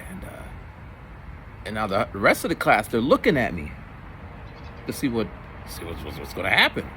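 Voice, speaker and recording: Animated man in his forties telling stories. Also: normal speed, slight background noise. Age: 40s. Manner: animated, jumps into high voices for quoted kids. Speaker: middle school teacher. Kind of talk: casual storytelling vlog.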